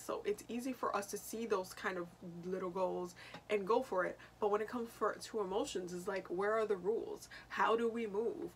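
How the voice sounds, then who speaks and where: A woman's voice: medium pitch, fairly even intonation, normal speed. Young woman rambling about star signs, lots of ums and little laughs, faint room hum behind her. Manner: chatty, laughs often, many fillers and restarts. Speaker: astrology channel host. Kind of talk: casual astrology talk to camera.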